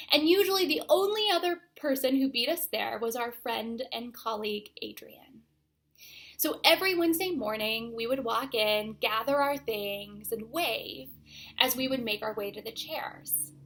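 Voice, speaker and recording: A young adult woman pastor giving a sermon, speaking slowly and deliberately and letting her phrases fade to a near-whisper. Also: on the high side, fairly bright tone. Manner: slow, deliberate delivery that trails off to a near-whisper at phrase ends.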